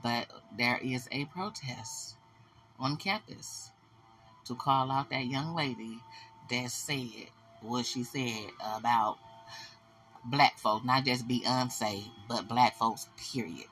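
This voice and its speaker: A woman hosting a celebrity gossip show, blunt, animated and profane. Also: rumbling low, slow pace, faint music behind. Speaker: host.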